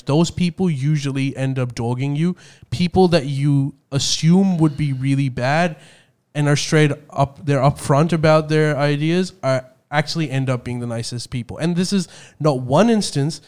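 A man's voice: on the high side, measured pace, a little mellow, smooth. A man chatting casually on a podcast, rambling and swearing freely as he acts out what other people say. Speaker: podcast co-host. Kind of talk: casual chat. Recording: live stream podcast.

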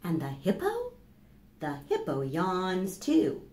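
A woman librarian reads to small children in a lively, sing-song voice that leaps up and down in pitch, taking her time over each line. Her tone is soft and mellow, and the library room around her rings with echo. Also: a little slow. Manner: animated, sing-song, coaxing young children. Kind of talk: children's storytime reading and singing.

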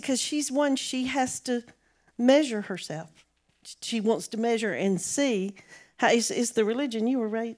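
A woman church member telling a story to the congregation, hesitant, with many fillers and restarts. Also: fairly high pitch. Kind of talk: casual testimony.

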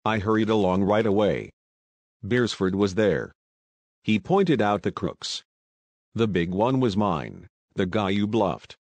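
A man doing a brash young American fellow in an audiobook, talking fast and slangy and tumbling through his tale. The voice is on the low side, and the recording is dry and close. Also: expressive, darkish tone, no echo. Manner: slangy, talkative, hurried storytelling.

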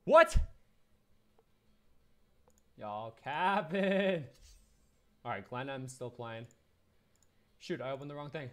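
A man's voice: mid-range voice, fairly even intonation, moderate pace, pauses often. A young man at home chatting casually and rambling while streaming a video game. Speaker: gaming streamer. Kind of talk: casual livestream commentary.

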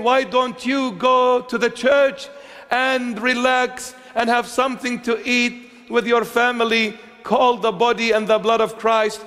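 This bishop's sermon comes from a man with an extremely high pitch that barely moves. He is slow and emphatic, asking rhetorical questions and shifting between quiet and loud lines, in a big-room sound.

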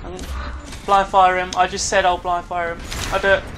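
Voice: mid-range voice, completely flat delivery, brisk, background noise. A gamer giving live commentary on their own play, groaning often and swearing at opponents on screen. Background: game music.

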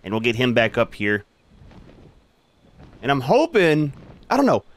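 A man's voice: medium pitch, huge pitch swings, unhurried. A man hosting a gaming channel, giving casual commentary as he plays and chatting to his creatures in a laid-back way.

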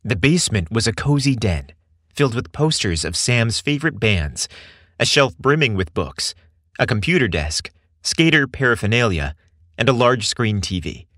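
A man reading a scripted story aloud with expressive, measured storytelling. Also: mid-range voice, no room sound, studio quality. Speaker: narrator.

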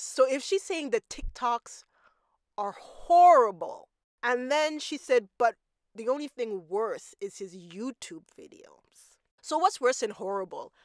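A woman's voice: on the high side, no echo, studio quality. A woman hosting a reaction commentary, talking emphatically and repeating her points for effect. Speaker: commentary channel host. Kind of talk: reaction commentary on podcast clips.

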